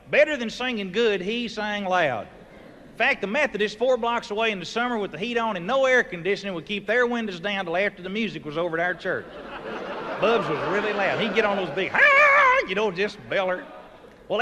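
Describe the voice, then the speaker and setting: A man tells stand-up stories in a folksy, animated way, his high voice bright and ringing. He bursts into loud sound effects and cries now and then. The live recording carries a long hall reverb with faint ambience behind him. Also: fairly quick, slight background noise. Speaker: comedian. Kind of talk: stand-up storytelling.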